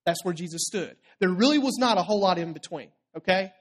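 A preacher retells a story in a loose, conversational sermon, checking in with the listeners as the story goes. The delivery rises for emphasis and then drops low and quiet for quoted words. The voice sits at a middle pitch. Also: animated, fast.

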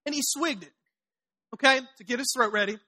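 A woman preaching a sermon, retelling the story with animated storytelling, acting out the characters' lines and tossing chatty asides to the congregation. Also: high-pitched, a little fast.

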